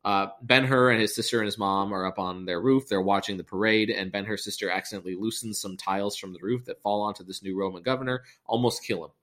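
Bright-voiced man doing a sarcastic film recap. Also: lowish voice, fairly even intonation, fast, few pauses. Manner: rambling, sarcastic, profane.

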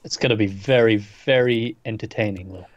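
A man's voice: on the low side, brisk, dry recording, lo-fi sound. A man chatting casually about a TV episode, adding dry, nitpicking asides. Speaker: podcast co-host. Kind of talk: casual TV recap chat.

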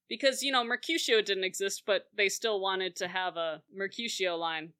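A woman chatting casually as a co-host, animated and laughing, acting out quoted lines as she recaps a film. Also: medium pitch, moderate pace, hardly any pauses, clear, resonant tone.

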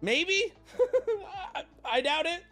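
Young male streamer, high and very lively voice, casual cussing storyteller, faint music behind. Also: drawn-out words. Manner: animated, swearing, swings between high exclamations and low mumbles.

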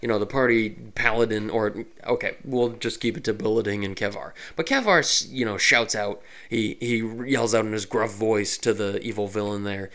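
Rambling, animated man hosting a podcast. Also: fairly low pitch, moderate pace, few pauses. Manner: rambling, animated, many fillers. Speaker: podcast host and game master. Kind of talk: casual solo podcast monologue.

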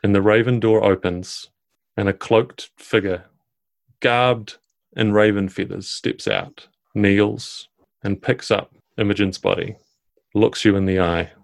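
A man, narrating a tabletop game podcast as dungeon master in a measured storytelling way. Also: low-pitched, vocal fry.

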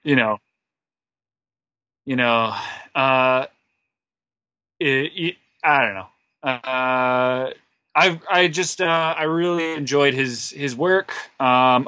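A man's voice: medium pitch, pushed and bright, clear, resonant tone, no room sound, lo-fi sound. A man on a podcast as a guest, telling a rambling, self-deprecating story full of fillers. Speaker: podcast guest, wrestler and musician. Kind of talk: casual interview storytelling.

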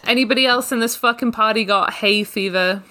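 A woman's voice: on the high side, brisk, sharp tone. A woman in a casual group podcast chat, blunt and wry, swearing freely. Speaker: podcast co-host.

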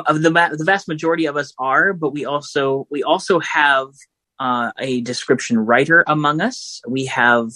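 A man's voice: on the high side, bright, forceful tone. A man moderates a panel discussion and speaks off the cuff. His delivery halts often, with ums and restarts. The sound is dry and close, with no room echo. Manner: hesitant, many ums and restarts.

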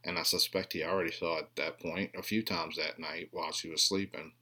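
A man in his late thirties with a low voice rants through a comedic movie recap. His delivery is crude and rambling, and he breaks into deadpan asides and mocking character voices. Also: brisk. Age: 30s.

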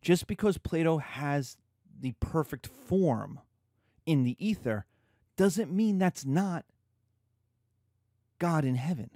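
A man's voice: fairly high pitch, slow pace, pauses often, no echo, clean studio sound. A man giving a conversational history lecture, acting out scenes as he goes. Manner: animated, conversational, acts out scenes. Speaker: history teacher. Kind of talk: classroom lecture.

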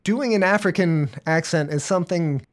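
A man hosting an interview, asking measured, thoughtful questions. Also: high-pitched. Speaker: podcast host.

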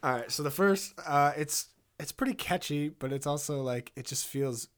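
A man's voice: a little high, normal speed. A man co-hosting a podcast, talking casually about songs, often hesitating and trailing off. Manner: hesitant, trailing off, frequent "I don't know". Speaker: podcast co-host. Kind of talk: casual chat about albums.

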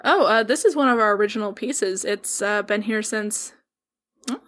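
A woman's voice: medium pitch, normal speed, fairly bright tone, lightly acted. A woman voicing a nervous male museum worker who hesitates a lot. She barely changes her own voice for him. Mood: flustered. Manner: hesitant, full of ums and uhs.

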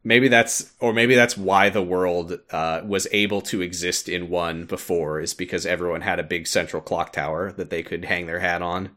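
A man's voice: sits low, fairly even intonation, normal speed, few pauses, pushed and bright. A man co-hosting a podcast, chatting casually as he recaps a game's story with frequent laughs and filler words. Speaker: podcast co-host explaining a game story. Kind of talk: casual chat.

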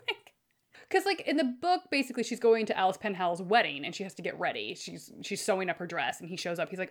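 Chatty woman with animated voice swings. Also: fast. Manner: animated, acts out quoted lines with pitch jumps and laughs. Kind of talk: casual chat.

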